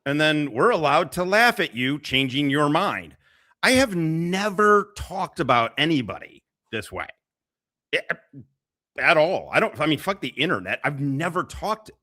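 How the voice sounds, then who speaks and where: A man hosting a casual reaction stream, cursing freely and laughing often as he comments on clips. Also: medium pitch. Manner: profane, laughs often, animated.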